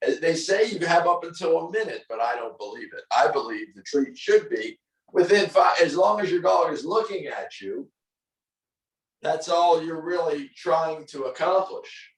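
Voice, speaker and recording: A male dog trainer gives firm, corrective directions and often repeats himself. His voice sits a little high. The recording has a roomy echo. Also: lively intonation, normal speed. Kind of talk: hands-on coaching over a call.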